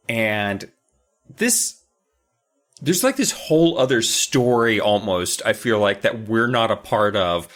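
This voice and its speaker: A man's voice: mid-range voice, a bit bright. A man co-hosting a podcast, recapping a book in casual, rambling, jokey chat with some swearing. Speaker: podcast co-host.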